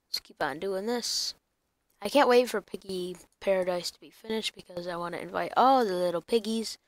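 A woman's voice: mid-range voice, moderate pace, no echo. Young woman, gaming commentary, rambling, sing-song asides, dry close recording. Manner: rambling, breaks into silly sing-song bits. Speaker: gaming YouTuber.

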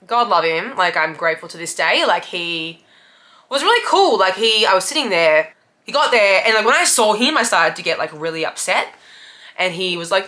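A young woman speaking candidly about her worst moment as a business owner. Her voice is bright and crisp. She swears freely and laughs ruefully through painful memories, sounding close to tears at times. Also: mid-range voice, sing-song, brisk. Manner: raw, confessional, swearing often, laughing through hard memories. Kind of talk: candid personal storytelling.

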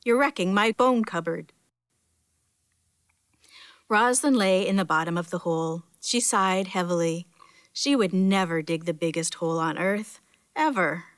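A woman's voice: lowish voice, moderate pace, clean tone, no room sound, clean studio sound. Woman reading a children's story. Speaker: storytime reader. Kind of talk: children's picture-book read-aloud.

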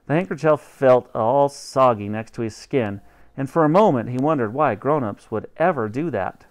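A man reading a children's novel aloud chapter by chapter for students, expressive and animated. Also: mid-range voice, normal speed. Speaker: audiobook reader for students.

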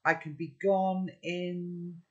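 A man's voice: sits high, flat delivery, slow pace, a bit bright, highs cut off. A man reading aloud and voicing a wary, blunt boy who talks in an offhand, teasing way.

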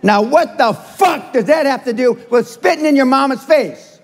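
A man's voice: very high voice, lively intonation, moderate pace. An older man giving a motivational seminar talk to a live audience, blunt, profane and confrontational. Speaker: seminar speaker. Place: large seminar hall with audience. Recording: reverberant live hall recording.

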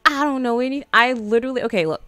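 A woman in her twenties giving casual, slangy commentary while streaming a game, chatty and quick to laugh. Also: fairly high pitch, pushed and bright, clear, resonant tone, no echo, faint music behind. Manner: laid-back, chatty, slangy, laughs often.

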